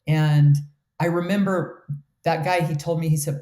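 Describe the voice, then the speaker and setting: A woman's voice: low voice, moderate pace, warm tone, reverberant. A woman in her fifties, candidly telling a personal story in an interview, earnest and emotional. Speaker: guest.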